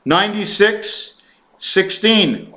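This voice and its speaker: Rambling man with a higher voice. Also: expressive, bright, forceful tone. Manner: hesitant, stumbling, full of fillers and self-corrections; fast, run-on counting and reciting of numbers. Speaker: vlogger. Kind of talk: rambling numerology monologue to camera.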